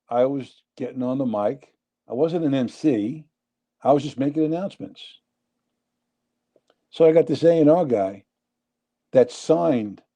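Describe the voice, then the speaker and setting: Dark-voiced man telling stories. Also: mid-range voice. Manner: animated storyteller who acts out conversations. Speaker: guest. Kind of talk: casual chat.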